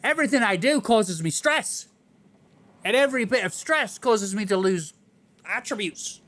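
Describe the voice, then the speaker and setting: A man chatting his way through a video game stream, joking and reacting with disbelief. His voice sits a bit high and moves in a lively way. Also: moderate pace. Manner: joking, incredulous, laughs often. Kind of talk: casual gameplay commentary.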